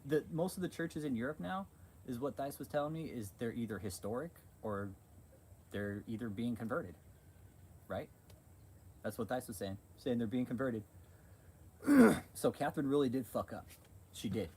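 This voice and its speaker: A man's voice: medium pitch, normal speed, long pauses, a little mellow, breathy edge. A man hosting a livestream, ranting in a heated, profane, repetitive way. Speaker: channel host.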